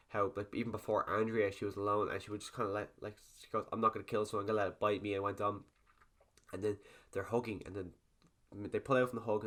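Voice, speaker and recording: A young man giving a rambling, animated video review of a TV episode, swearing freely as he goes. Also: on the low side.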